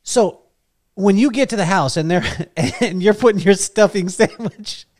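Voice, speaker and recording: A man's voice: high-pitched, unhurried, darkish tone. A man hosting a podcast, asking casual, playful, probing questions. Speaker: podcast host.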